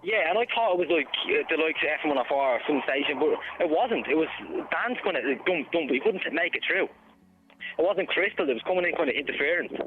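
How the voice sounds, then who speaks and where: Rapid-talking Dublin man on a phone line. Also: on the high side, expressive, noisy background. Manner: rambling, casual, slangy. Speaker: caller. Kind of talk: phone-in chat.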